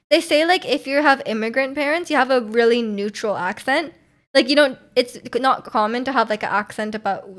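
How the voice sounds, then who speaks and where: Young woman streamer, chatty and giggly, rambling with restarts, slightly high voice. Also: a bit bright. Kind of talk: casual chat with live chat.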